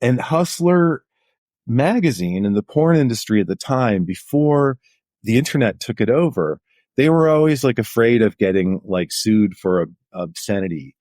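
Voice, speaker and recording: Lively intonation marks this middle-aged man's medium-pitched, darkish voice, which moves at a moderate pace. As a journalist guest in an informal interview, he tells anecdotes heavy with "like," recorded cleanly in a studio with no room sound.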